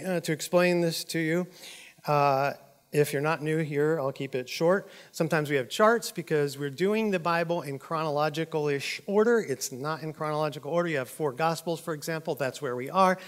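A man preaching from the stage of a church auditorium, his voice sitting a little high. His jaw is swollen after oral surgery. He jokes at his own expense and acts out the voices in his stories. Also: in a large hall. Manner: joking and self-deprecating, acts out dialogue. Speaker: pastor. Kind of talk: sermon.

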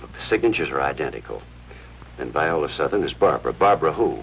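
An actor playing an earnest, persistent hospital chaplain who questions people gently, in a 1950s TV drama. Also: male voice, rumbling low, animated, fast, vocal fry, background noise, heavily acted. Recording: 1950s TV soundtrack with music underneath.

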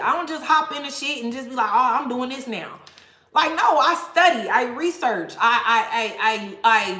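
A woman's voice: fairly high pitch, bright, forceful tone, roomy sound. A woman tarot reader talking casually to viewers, blunt and profane, laughing often. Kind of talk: casual tarot reading livestream rant.

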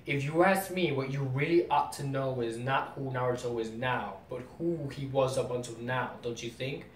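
A man reading the lines of a cool, stern male ninja mentor from a comic, flatly. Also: moderate pace, natural voice. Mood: measured. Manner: reads comic dialogue flatly. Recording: roomy distant mic, faint rumble.

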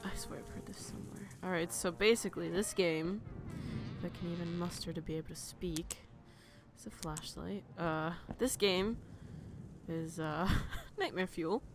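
A woman's voice: lowish voice, moderate pace, noisy background. A young woman giving commentary while she plays a horror game, nervous and jumpy, with bursts of laughter and swearing when something frightens her. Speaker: let's play gamer.

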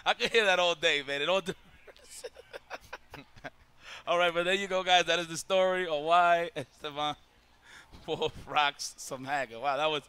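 An excitable male stream host chats casually with his audience. His voice is bright and a little high, with a forward, energetic ring. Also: measured pace, pauses often, clear, resonant tone, dry recording. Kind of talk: casual chat.

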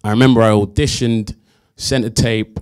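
Young man, guest actor, animated storytelling, acts out quotes, laughs often. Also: fairly low pitch, moderate pace, clear, resonant tone. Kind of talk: anecdotal storytelling at a Q&A.

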